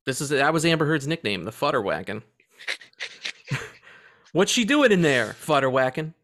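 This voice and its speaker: A man co-hosting a casual movie podcast, excitable, swearing freely and laughing often as he talks. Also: a little high, normal speed. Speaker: podcast co-host.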